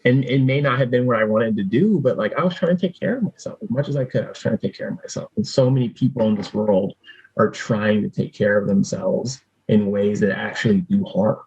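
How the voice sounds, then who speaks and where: A man's voice: on the low side, fairly quick, darkish tone, husky, muffled recording. A man speaking as an interview guest, earnest and emotional, leaning heavily on fillers. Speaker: guest, youth speaker and coach. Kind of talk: candid conversational interview.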